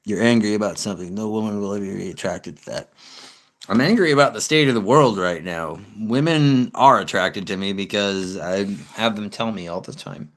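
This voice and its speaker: A man's voice: low voice, normal speed, a bit bright. A young man, chatting bluntly and profanely as he answers his livestream comments. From United States. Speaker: live streamer. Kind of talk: casual livestream chat reading comments.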